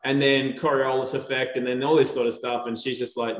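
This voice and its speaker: A man's voice: medium pitch, fairly quick, reverberant. A man chatting casually as a podcast guest, telling a story and acting out the dialogue in it. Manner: animated storyteller, acts out quoted dialogue. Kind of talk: casual chat.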